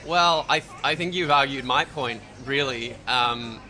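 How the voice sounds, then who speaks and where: Guy with a bright sharp voice, stop-start casual talk about movies. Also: medium pitch, unhurried. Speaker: contestant. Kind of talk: casual chat.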